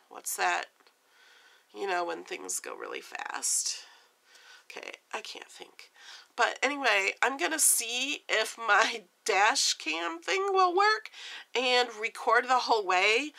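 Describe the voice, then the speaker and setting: A woman's voice: fairly high pitch, gravelly, bright, forceful tone. A woman vlogger chatting casually to the camera, rambling and scattered, jittery and overstimulated, laughing at herself as she goes. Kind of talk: casual vlog chat.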